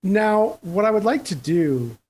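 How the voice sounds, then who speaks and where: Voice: mid-range voice, big pitch swings, measured pace, darkish tone, a little hiss or hum, rough recording. A player in a tabletop game, talking eagerly and chattily about what the character does.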